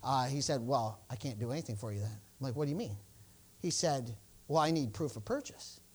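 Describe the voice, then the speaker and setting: A man's voice: medium pitch, lively intonation, fairly quick, slightly rough. A male pastor preaching a sermon, telling a personal story and acting out the exchanges, with stammered restarts and bursts of praise. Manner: exclamations of praise.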